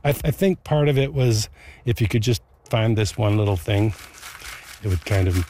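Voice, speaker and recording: A man talking outdoors in an interview, reflective and halting. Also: on the low side, animated, mellow. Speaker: interviewee, fire victim. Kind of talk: casual interview talk. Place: outdoors among rubble.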